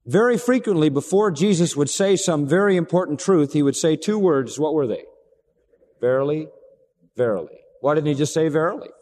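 Preacher man in an echoing hall. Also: sits high. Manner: dramatic, sweeping from loud to hushed. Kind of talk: sermon. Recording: long reverb of a large hall.

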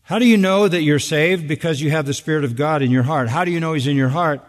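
A man's voice: fairly high pitch, quick pace. An older man preaching a sermon from the pulpit, emphatic and building to urgent peaks on key phrases. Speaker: pastor. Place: large church. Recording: long reverb of a church sanctuary.

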